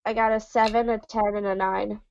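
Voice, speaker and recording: A woman's voice: medium pitch, flat delivery, fairly quick, creaky, highs cut off, slight background noise. A woman playing a tabletop game, brief and matter-of-fact. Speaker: player. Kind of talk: casual tabletop role-play.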